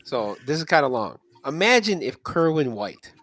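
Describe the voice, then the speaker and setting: Laid back guy hosting a podcast, lively up and down voice. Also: fairly high pitch, moderate pace. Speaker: podcast host. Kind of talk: casual chat.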